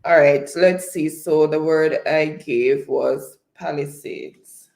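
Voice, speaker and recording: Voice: medium pitch, vocal fry, darkish tone, reverberant. A quiz host running a live spelling game, chatting casually and reading viewers' comments aloud. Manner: unhurried, chatty, reads out comments.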